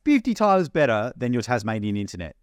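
A man's voice: medium pitch, big pitch swings, brisk, dry recording, studio quality. A man co-hosting a podcast, teasing his co-host playfully and saying "mate" a lot. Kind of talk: casual podcast chat.

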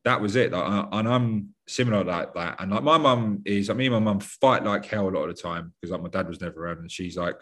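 Young man, British accent, somewhat low pitch, rambling, blunt, swears, casual podcast chat. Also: fast talker, few pauses, a bit bright. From United Kingdom.

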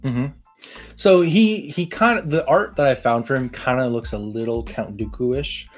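Excitable young man rambling casually. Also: medium pitch, normal speed, faint music behind. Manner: rambling, filler-heavy, excitable. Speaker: tabletop game player. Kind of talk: casual chat.

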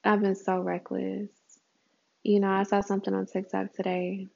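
A woman chatting in a casual solo audio journal, talking straight to her listeners as girl and y'all and swooping her voice up high for emphasis. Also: monotone, normal speed, creaky, darkish tone. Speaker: podcast host. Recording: muffled lo-fi recording.

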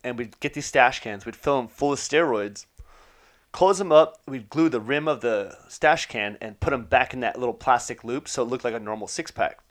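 A man tells a personal anecdote in a quick, loose, conversational way, dropping curses and fillers as he goes. His voice sits at an ordinary middle pitch, and he breaks into short laughs between beats. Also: a bit bright. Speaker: storyteller. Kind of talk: personal anecdote, casual storytelling.

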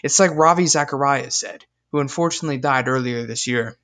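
A young man giving a scripted devotional talk, earnest and emphatic, reading scripture verses deliberately. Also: medium pitch, a bit bright. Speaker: speaker in a devotional video.

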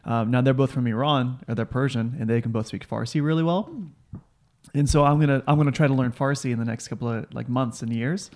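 Brief: casual male storyteller, rambling, mid-pitch, voices the people he quotes. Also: fairly quick, darkish tone.

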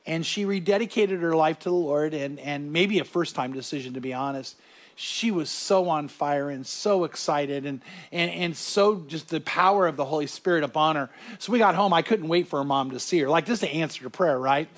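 Male pastor preaching to a small room of listeners, earnest and animated, voice sitting a bit high, words tumbling over restarts. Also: moderate pace. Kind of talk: sermon.

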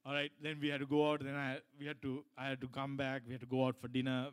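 A man's voice: mid-range voice, completely flat delivery, fast talker, clean tone. A middle-aged man giving a sermon as a pastor, telling a personal story in a loose, conversational way with many restarts and asides.

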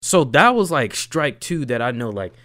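Young man, casual storyteller, lively pitch, slangy, dry close sound. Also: normal speed, dry recording. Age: young adult. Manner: animated, slangy, swings between loud and low.

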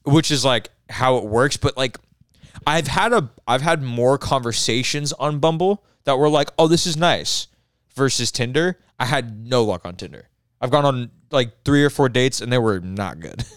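A man co-hosting a casual podcast chat, telling stories in a profane, animated way. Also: mid-range voice, moderate pace, smooth, no room sound, studio quality. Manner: profane, animated storytelling with laughs. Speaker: podcast co-host. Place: Los Angeles.

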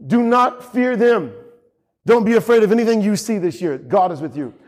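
High-voiced impassioned preaching man. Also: expressive, normal speed, a little mellow, in a large hall. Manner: impassioned, repeats phrases for emphasis. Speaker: pastor. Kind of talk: sermon.

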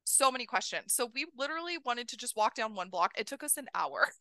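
A woman in her thirties hosting a podcast, telling a story in a casual, animated way, laughing often and acting out what people said. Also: a little high, fast, dry recording, studio quality. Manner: animated, laughing, acts out quoted voices. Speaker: podcast host.

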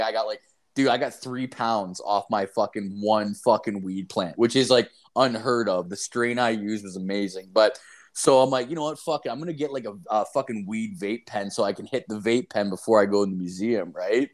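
A man telling a story in casual chat, rambling and profane, full of "like" and "dude", acting out the lines he quotes. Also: fairly low pitch. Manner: animated, acts out quoted lines.

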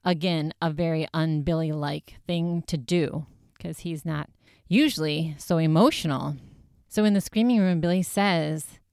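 A young woman chatting casually as she recaps an episode, with a lively, filler-filled way of telling it. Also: sits low, gravelly, dry recording, clean studio sound. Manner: chatty, animated retelling with many fillers. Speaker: podcast host recapping a show.

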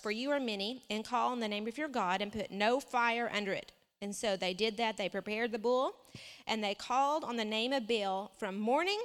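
Woman preacher, animated scripture reading, higher voice, reverberant hall. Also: moderate pace. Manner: animated, reads scripture aloud with asides and laughs. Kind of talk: sermon.

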